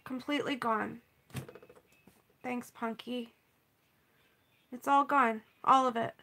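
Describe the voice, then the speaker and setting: A woman's voice: a little high, steady tone, slow, a bit bright, slight background noise. A woman chatting casually on a livestream while she paints, sighing and pouting over a setback.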